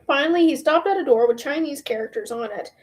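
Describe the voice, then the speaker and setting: A woman's voice: high voice, fast. A woman reading a novel aloud in a casual style, with playful, chatty asides. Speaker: book reader. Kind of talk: casual read-aloud with commentary.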